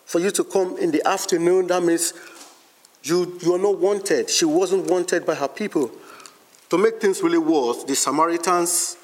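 A man preaching a sermon, slowly reading and explaining scripture with emphatic, deliberate phrasing. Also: sits high, big-room sound.

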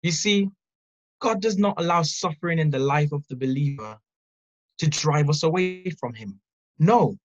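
A speaker giving an earnest, measured devotional Bible teaching, reading scripture and reflecting on it. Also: medium pitch, dull audio. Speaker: preacher.

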